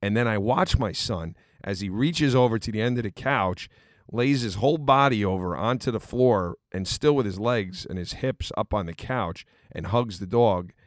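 A man's voice: fairly low pitch, normal speed, dry recording, studio quality. A middle-aged man co-hosting a casual talk show, earnest and storytelling, with many fillers. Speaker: podcast co-host. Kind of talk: casual chat.

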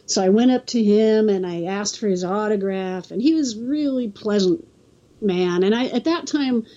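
Halting storyteller woman from California, mellow voice. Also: mid-range voice, dull audio. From California Central Coast. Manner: halting, restarts often, acts out quotes. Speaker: interview guest. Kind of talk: casual storytelling.

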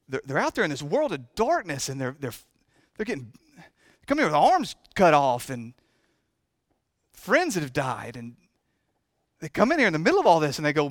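A man preaching a sermon in a church, impassioned and repetitive, moving between hushed and loud delivery. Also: high-pitched, sing-song, brisk, dry recording, clean studio sound. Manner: chokes up with emotion. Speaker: pastor. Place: church sanctuary.

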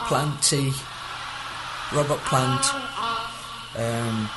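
A slightly hazy man, a podcast guest talking in halting, brief bits of casual chat. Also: mid-range voice, very noisy. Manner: hazy, halting, few words. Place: podcast studio. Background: loud music.

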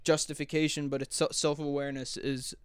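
A man's voice: fairly high pitch, a little fast, clear, resonant tone, dry recording, clean studio sound. A man on a podcast casually and animatedly retelling comedy movie scenes. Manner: animated storytelling, acts out movie lines. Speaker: podcast co-host. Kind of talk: casual chat.

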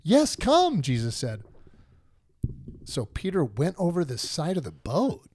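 A man's voice: medium pitch, animated, measured pace, a little mellow, husky. A man hosting a podcast, casually retelling and joking about a Bible story with lots of laughs. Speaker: podcast host.

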